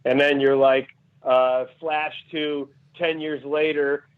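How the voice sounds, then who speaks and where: A comedian from Cleveland tells a long story in a casual chat, laughing along and tripping over his own restarts. His voice sits a little on the high side. It comes through a narrow, phone-like line. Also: level tone, slow. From Cleveland, Ohio, USA. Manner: rambling anecdotes with frequent laughs and restarts. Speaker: comedian guest.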